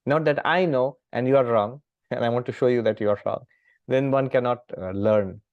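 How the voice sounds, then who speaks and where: A middle-aged man from India, a monk calmly explaining scripture with gentle humor and frequent pauses. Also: medium pitch, no echo, phone-quality sound. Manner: calm, gently humorous teaching with many pauses. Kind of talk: scripture lecture.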